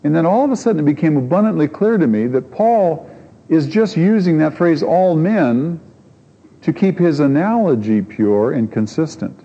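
A man preaches a sermon in a mellow, dark voice, earnest and emphatic, turning often to rhetorical questions. The sound is muffled and lo-fi, carried by a long reverb from a large hall. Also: on the high side, animated, moderate pace, slightly rough.

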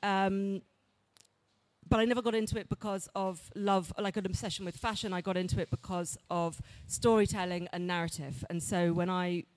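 A woman speaking on a panel, thoughtful and halting, with many fillers. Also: fairly low pitch, steady tone, darkish tone. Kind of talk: panel talk.

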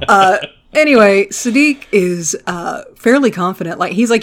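Brief: animated, profane co-host, mid-pitched, exasperated recap chatter. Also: fairly quick. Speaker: podcast co-host. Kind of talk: casual recap chat.

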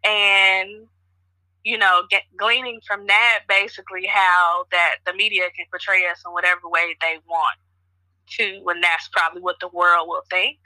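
A woman's voice: fairly low pitch, level tone, normal speed, bright, forceful tone, dry recording, rough recording. A woman hosting a podcast from Chicago, chatting casually and telling stories with lots of fillers. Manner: chatty, storytelling, frequent fillers. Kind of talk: casual conversation.

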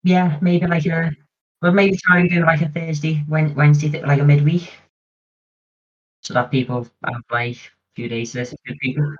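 Easygoing lad co-hosting a pod, husky low voice, muffled lo-fi sound. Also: male voice, flat delivery, moderate pace. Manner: easygoing, chatty, planning aloud. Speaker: podcast co-host. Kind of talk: casual chat. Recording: dull lo-fi audio.

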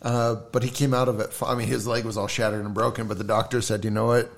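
A man's voice: fairly low pitch, flat delivery, fast talker, vocal fry. A man in casual chat among friends, telling stories and joking. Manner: storytelling, joking.

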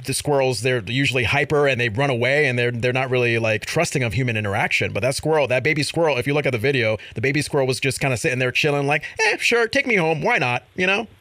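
A man hosting a casual chat show about viral videos, animated and laughing as he acts out quotes. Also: mid-range voice, fast, hardly any pauses, no echo, clean studio sound. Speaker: show host.

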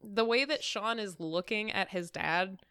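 A woman's voice: medium pitch, measured pace, fairly bright tone, smooth, no echo, clean studio sound. A woman co-hosting a podcast, chatting casually with frequent laughs and lots of "like". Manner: chatty, laughs often, many "like" fillers. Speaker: podcast co-host. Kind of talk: casual chat.

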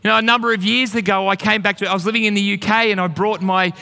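Bright high-voiced pastor preaching. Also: male voice, steady tone, fast talker, gravelly, a little hiss or hum. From Australia. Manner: storytelling, earnest and encouraging. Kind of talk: sermon. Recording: long hall reverb.

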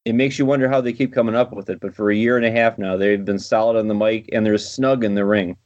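A man co-hosting a podcast, speaking in a calm, measured, dry way in casual chat. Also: on the low side. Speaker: podcast co-host. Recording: dull dry lo-fi mic.

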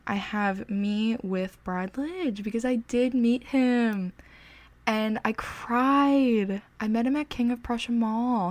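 A young woman talks casually to the camera and tells a story like an excited fan. Her voice has a gravelly fry. She is chatty and pokes fun at herself, and her pitch sits in an ordinary middle range. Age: young adult. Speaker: vlogger.

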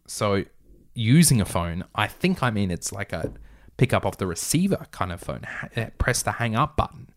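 A man's voice: lowish voice, big pitch swings, normal speed. A man reading his own story aloud, breaking off for wry, joking asides.

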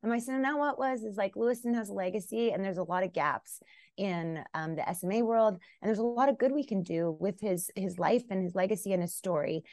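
A woman from Canada in her thirties talks as a guest on a podcast, blunt and lively, often jumping into higher, louder voices to act out her thoughts. Her voice sits at a middling pitch. The sound is close and dry, with no room around it. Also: a little fast, no room sound. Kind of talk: casual interview chat.

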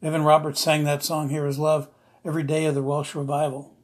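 A man preaching an emotional sermon, earnest and repetitive, slowing down to stress his words. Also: a little high, monotone, husky. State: emotional, near tears.

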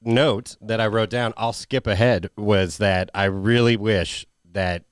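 Man, podcast co-host, everyday mid voice, dry sound, relaxed swearing movie chat. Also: fairly low pitch, slow, clean tone, no echo. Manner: relaxed, laid-back, swearing freely.

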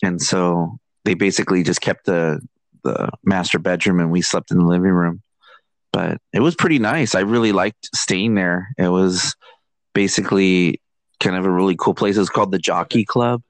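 A man's voice: low voice, normal speed, no room sound, low-quality recording. A man chatting casually on a podcast, laid-back and hesitant, with lots of fillers. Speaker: podcast guest. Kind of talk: casual chat.

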